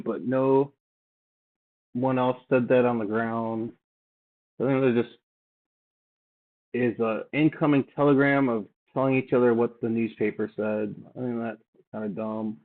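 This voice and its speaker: A man reading old documents aloud and adding offhand, halting remarks as he thinks aloud. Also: medium pitch. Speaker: channel host. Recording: tinny phone-like sound.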